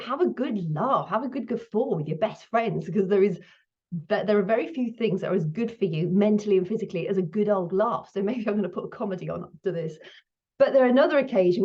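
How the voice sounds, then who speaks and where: A middle-aged woman hosting her own menopause video, talking candidly to camera while still shaken, her breathing high. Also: darkish tone. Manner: chatty, candid, laughs now and then. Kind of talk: casual talk to camera. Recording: slightly dull lo-fi sound.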